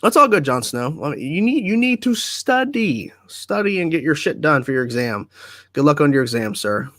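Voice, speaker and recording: Man hosting a livestream, laid-back and chatty, dry close sound, pitch right in the middle. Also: fairly quick, no room sound. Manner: relaxed, chatty, reads viewer comments aloud and answers them. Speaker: livestream host. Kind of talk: casual livestream chat answering viewer comments. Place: at home.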